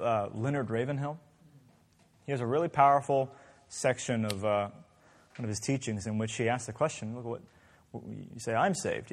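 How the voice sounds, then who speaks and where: Questioning male Bible teacher, echoey room. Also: medium pitch. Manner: asks the group many questions, conversational. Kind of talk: interactive Bible class.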